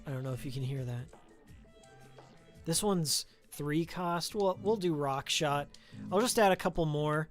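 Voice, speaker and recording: A man's voice: fairly high pitch, a little slow, pauses often, faint music behind. Chatty streamer man with a rambling manner. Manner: rambling, chatty, drifts into game-history tangents. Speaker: game streamer. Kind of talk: casual live-stream chat while playing. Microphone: studio microphone with pop filter.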